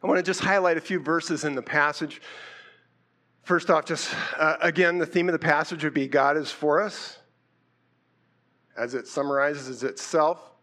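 High-voiced man preaching conversationally. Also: moderate pace. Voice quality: conversational, animated preaching with rhetorical questions. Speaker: pastor. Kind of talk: sermon.

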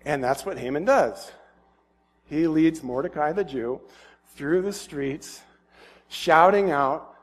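A man's voice: fairly high pitch, animated, slow pace. A man preaching, casually retelling a story and acting out its scenes. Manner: casual, acts out scenes with filler words. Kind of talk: animated sermon storytelling.

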